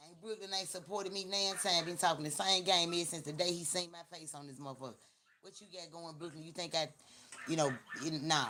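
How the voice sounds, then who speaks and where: A woman's voice: lowish voice, bright, forceful tone. A woman with a Memphis Southern accent hosting a live stream, talking in blunt, slangy, repetitive and teasing casual chat. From Memphis, Tennessee. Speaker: livestream host.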